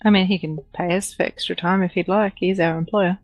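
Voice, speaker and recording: A woman joking wryly at a tabletop game. Her voice sits a little low. Faint music plays behind her. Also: fairly even intonation, brisk, no echo. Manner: wry, joking. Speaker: player.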